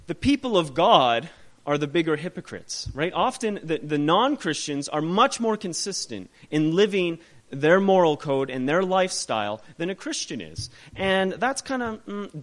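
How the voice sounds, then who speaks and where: Guy leading a chill bible study, kinda high voice, lots of restarts and "can you imagine" questions. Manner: casual and animated, with many restarts and rhetorical questions. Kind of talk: informal Bible teaching.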